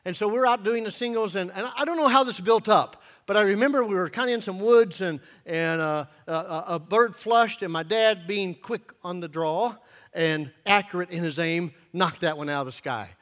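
A fifties-aged male preacher with a high-pitched voice, speaking in a folksy, earnest way. He hesitates and restarts often, and his voice carries a long hall reverb, as if in a large church. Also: normal speed, a bit bright. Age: 50s. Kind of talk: sermon with personal storytelling.

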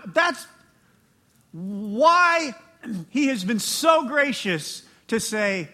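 Guy pastor giving a sermon, pretty high voice, gets fired up and laughs at himself. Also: extremely slow, long pauses. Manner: animated, laughing asides and rising emphasis.

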